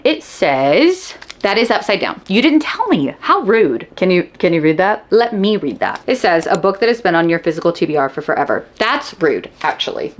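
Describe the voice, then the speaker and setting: A woman vlogging about books in casual chat, bubbly and gushing with a playful streak. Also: fairly low pitch. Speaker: book vlogger.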